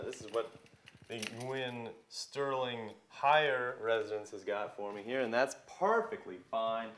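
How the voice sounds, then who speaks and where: A man's voice: mid-range voice, fairly bright tone, slight background noise. A young man hosting a casual cooking video in a home kitchen, chatting viewers through each step.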